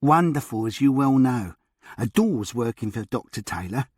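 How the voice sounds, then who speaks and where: A man's voice: mid-range voice, lively intonation, normal speed, a little mellow, dry recording, clean studio sound, natural voice. A man voicing a grateful, self-effacing young housemaid who gushes. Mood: effusive.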